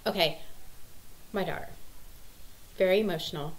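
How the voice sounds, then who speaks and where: Chatty mom vlogger, lowish voice. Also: female voice, moderate pace, slight background noise, poor audio. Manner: chatty, rambling, lots of ums. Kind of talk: casual chat.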